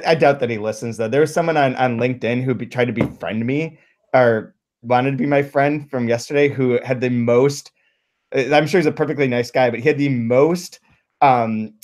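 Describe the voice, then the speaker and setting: A man's voice: medium pitch, a little mellow. A man hosting a book podcast in casual chat, rambling with restarts and laughing often. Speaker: podcast host.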